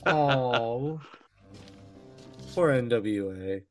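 A man co-hosts a casual watch-along podcast, tossing out blunt wisecracks at a mid-range pitch. Faint music plays behind him. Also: lively intonation, extremely slow. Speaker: podcast co-host.

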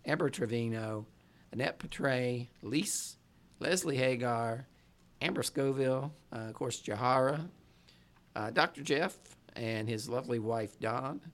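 A man hosting a podcast, reading out listener thanks and chatting casually, with many fillers. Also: mid-range voice. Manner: halting, many fillers, laughs easily. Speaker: podcast host. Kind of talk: casual chat.

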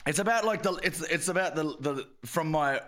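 A man's voice: a little high, moderate pace, background noise. An Irish man co-hosting a comedy podcast in a studio, telling rambling stories and laughing often. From Ireland. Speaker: podcast co-host. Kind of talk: casual comedic chat.

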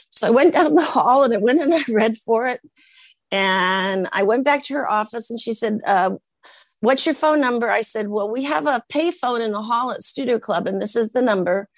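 An older woman from Portland, a guest in an interview, telling a lively story and acting out the lines of the people in it. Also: on the high side, moderate pace, vocal fry, dry recording. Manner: lively anecdotes with acted-out quotes.

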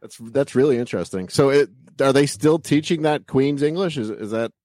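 A man hosting a podcast who asks casual interview questions in a hesitant, halting way. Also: mid-range voice, expressive, a little mellow, no echo. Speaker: podcast host.

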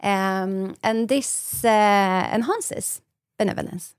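A woman's voice: medium pitch, slow pace, smooth, no echo, clean studio sound. A woman, a brain specialist explaining ideas in a podcast interview and acting out little example dialogues.

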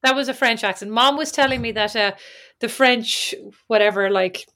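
Irish woman, podcast co-host, casual chat, teasing, rambling, slightly high pitch. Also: normal speed, sharp tone.

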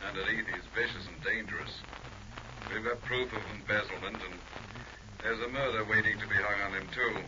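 An actor playing a blunt, matter-of-fact police captain giving a warning over a call, in 1940s radio acting style. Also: male voice, on the low side, steady tone, fairly quick, lightly acted. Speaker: police captain calling by phone. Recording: muffled old radio recording with clear hiss.

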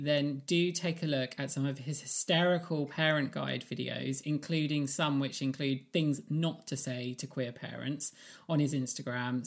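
A woman co-hosting a podcast, assertive and quick to laugh. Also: sits low. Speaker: podcast co-host. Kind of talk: casual podcast chat.

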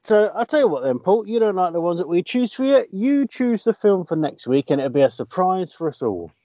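A man's voice: high-pitched, sing-song, brisk, dark tone, no room sound, lo-fi sound. A man co-hosting a casual podcast, chatting and sharing news stories. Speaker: podcast co-host.

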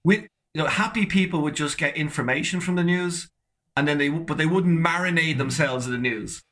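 A man's voice: a little high, a little fast. An Irish man, a comedian, telling stories in casual chat with lots of restarts and acted-out quotes. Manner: animated storytelling, many restarts, acts out quotes. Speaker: comedian podcast guest.

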